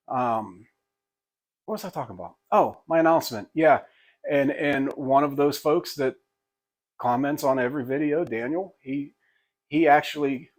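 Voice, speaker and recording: An older man, a pastor and hobby woodworker, talking casually to camera in a rambling, folksy, self-deprecating way with many restarts. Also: mid-range voice.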